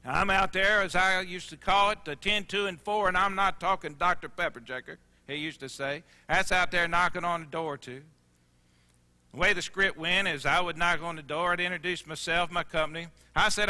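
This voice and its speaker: A man giving a storytelling sales presentation, acting out dialogue and dropping soft and quiet for emotional moments. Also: sits high, steady tone, normal speed, in a large hall. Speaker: sales trainer.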